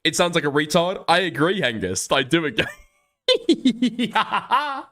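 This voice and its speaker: A man's voice: fairly high pitch, animated, fast talker, bright, forceful tone. Profane laughing man reacting to clips. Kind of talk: casual reaction commentary.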